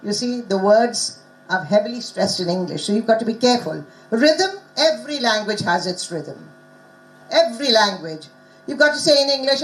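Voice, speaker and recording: A woman's voice: fairly high pitch, lively intonation, moderate pace, poor audio. A woman giving an academic conference lecture in a teacherly way, often asking the audience rhetorical questions. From Bengal, India. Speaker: conference speaker on language teaching.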